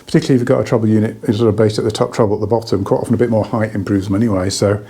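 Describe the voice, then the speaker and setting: Mellow, husky man, a bit breathless. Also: fairly low pitch, steady tone, racing. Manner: rambling, chatty, many restarts. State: slightly out of breath. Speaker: hi-fi dealer reviewing products. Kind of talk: casual product review.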